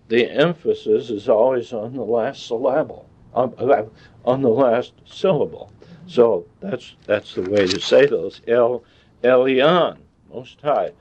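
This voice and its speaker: A man gives a Bible lesson in a sermon style, speaking slowly and deliberately and pausing over each point. He talks like a teacher and asks his class questions. The recording is dull and lo-fi, and his voice sits at a middle pitch. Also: mellow, breathy edge.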